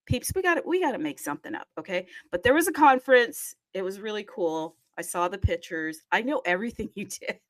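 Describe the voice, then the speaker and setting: A woman's voice: fairly low pitch, fairly bright tone. A woman hosting a live audio chat in a bubbly, rambling, chatty way. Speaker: host.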